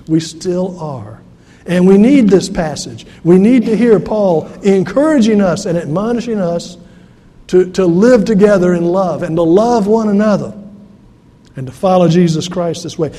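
A man's voice: high voice, warm tone. A man, a pastor preaching a sermon and telling stories with acted-out quotes. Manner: storytelling, acts out quoted voices. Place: church sanctuary. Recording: long hall reverb.

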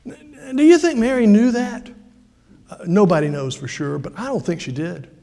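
A man's voice: high-pitched, moderate pace, creaky, warm tone. An older man preaching a sermon from a church pulpit in an easygoing, folksy way, with asides and rhetorical questions. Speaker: pastor. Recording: long reverb of a large hall.

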